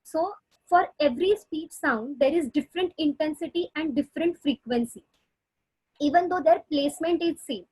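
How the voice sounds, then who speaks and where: A woman's voice: high voice, moderate pace, a little mellow, no room sound, rough recording. A woman speech therapist giving a webinar lecture over a video call, explaining patiently with many fillers and restarts. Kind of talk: webinar lecture answering questions.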